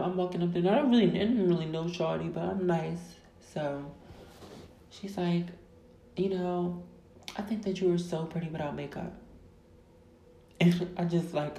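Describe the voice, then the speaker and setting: A woman rants as a podcast host, loud and emphatic, swearing freely and stretching her words for stress. Her voice sits low and has a dark, mellow tone. The sound is roomy, with echo around her. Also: slight background noise. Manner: loud, emphatic, heavy profanity, drawn-out stresses. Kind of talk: profane casual rant. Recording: echoey room.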